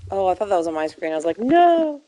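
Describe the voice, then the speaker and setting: A woman's voice: fairly low pitch, fairly even intonation, very fast, mellow, slight background noise. A young woman chatting casually while playing a game, telling stories with lots of fillers and giggles. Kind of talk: casual chat while gaming.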